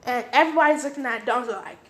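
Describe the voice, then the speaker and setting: A woman's voice: high voice, rapid-fire, pushed and bright. A woman casually retelling a fan-made story off the cuff, rambling with many fillers and briefly acting out the characters' lines.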